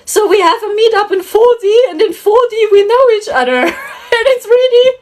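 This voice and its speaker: Giggly high-voiced woman rambling. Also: lively intonation, normal speed. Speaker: spiritual channel host. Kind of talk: casual monologue about dreams.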